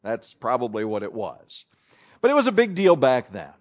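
A man's voice: medium pitch, wildly swooping pitch, normal speed. A man preaching a sermon in a conversational way, asking his listeners questions as he reads and explains scripture.

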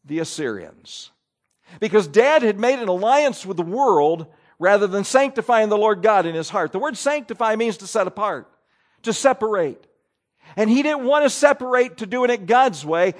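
A man delivers a sermon in a lively, swooping voice that sits a little high for a man. He preaches with animated emphasis, rising and dropping as he reads and explains scripture. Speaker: pastor.

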